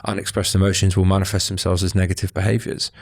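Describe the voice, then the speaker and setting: A young man, a psychotherapist, explaining ideas in a fast, thoughtful podcast conversation full of restarts and fillers. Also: low voice, level tone, vocal fry. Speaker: psychotherapist guest.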